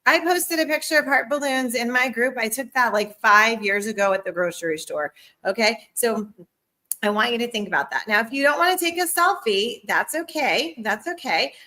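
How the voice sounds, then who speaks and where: A woman with a bright, forceful voice, set a little high, runs a live-streamed sales training from home. She talks in an upbeat, chatty way, laughs often, and is fighting a cough. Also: lively intonation, normal speed.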